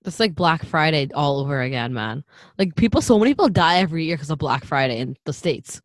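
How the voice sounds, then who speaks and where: A young woman with a low voice chats casually, reacting with slangy remarks. The recording is dry and close. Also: lively intonation, fast talker, no echo. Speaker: listener in a casual chat. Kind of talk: casual chat.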